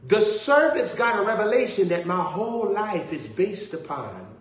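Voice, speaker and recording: A man's voice: high voice, big pitch swings. A man preaching a sermon, telling jokes and stories in a drawling way. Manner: storytelling, joking, drawling, slow. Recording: echoey room, distant mic, faint background hum.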